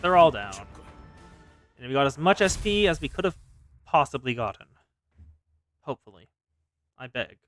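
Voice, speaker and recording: Streamer, casual game commentary, relaxed, mutters and hums, faint game music behind. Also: medium pitch, moderate pace, pauses often, dry recording. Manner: relaxed, muttering, humming to themself.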